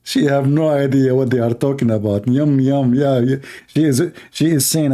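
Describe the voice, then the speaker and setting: A man's voice: medium pitch, fairly even intonation, normal speed, few pauses, dark tone. Sarcastic man mocking a video. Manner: sarcastic, repeats himself, broken English grammar. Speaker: host.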